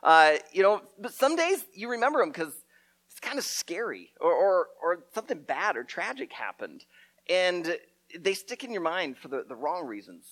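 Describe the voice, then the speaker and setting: A middle-aged man telling a story as a preacher, animated and often repeating his words. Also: high voice, moderate pace. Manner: lively storyteller, acts out shouted quotes, stumbles and repeats words.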